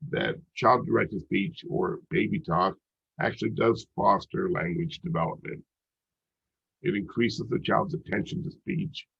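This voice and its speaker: A man's voice: lowish voice, vocal fry, breathy edge, muffled recording. A man teaching a recorded college psychology lecture, talking conversationally with frequent ums and restarts.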